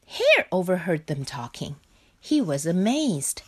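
A woman with a medium-pitched voice reads a children's picture book aloud like a storyteller, slowly and expressively.

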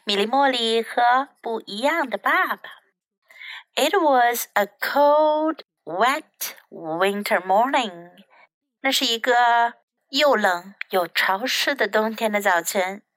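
Young native-Chinese woman hosting kids' story radio, bright tone, unhurried reading, dry close sound. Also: a little high, expressive, no room sound, poor audio. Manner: slow, warm storybook reading, switching between English and Chinese lines. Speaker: children's English radio host. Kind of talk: bilingual children's story reading.

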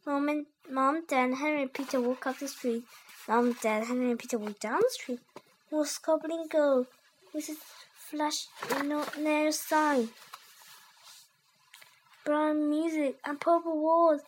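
A young child reads a storybook aloud in a high, earnest voice. The reading stumbles now and then with small slips and restarts. A faint background hiss runs underneath. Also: steady tone, a little slow, pauses often. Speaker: reader.

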